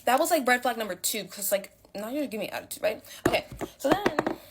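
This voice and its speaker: Young adult woman, slightly high-pitched, rambling casual storyteller with lots of fillers and dramatic swings. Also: expressive, brisk, very noisy.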